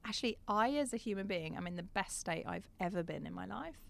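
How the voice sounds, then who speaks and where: A woman's voice: mid-range voice, animated, quick pace, gravelly, a little hiss or hum. Candid middle-aged woman coach. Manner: reflective, candid, laughs often mid-sentence. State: slight cough. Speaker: coach and guest. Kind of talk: podcast conversation.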